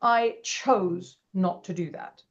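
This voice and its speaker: A woman, an interview guest, telling her story with animated energy and acting out the lines of people in it. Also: fairly low pitch, slow pace. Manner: animated, acts out quoted dialogue. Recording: dull lo-fi audio.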